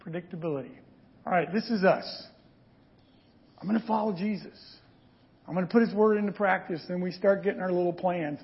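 High-voiced animated preacher man. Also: a little fast, creaky, pauses often, highs cut off. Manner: animated storytelling, frequent "right?" asides. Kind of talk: sermon.

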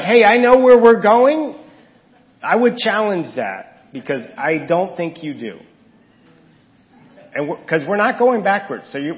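Pastor guy preaching, pretty high voice, big echoey church, dull lo-fi sound. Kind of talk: sermon. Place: church sanctuary. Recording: lo-fi recording with long church reverb.

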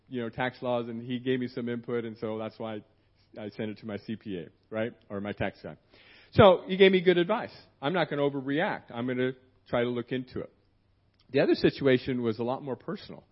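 A middle-aged man preaching in church, telling a personal story in a rambling, conversational way with many restarts and acted-out quotes. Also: mid-range voice. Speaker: guest preacher. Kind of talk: sermon told as a personal story. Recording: dull, muffled church sermon recording.

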